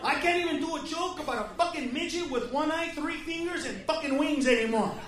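A man doing a stand-up set in a comedy club. He rants with a lot of profanity and swings from quiet mutters to loud shouts. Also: very high voice, a little fast, far from the mic. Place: comedy club stage with a live audience. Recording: echoey club with crowd laughter and noise.

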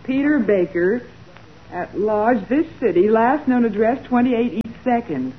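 An actress playing an efficient young secretary in a detective's office, in 1940s radio acting style. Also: female voice, on the high side, animated, a little slow, phone-quality sound. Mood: businesslike. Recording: scratchy old radio broadcast with faint hiss.

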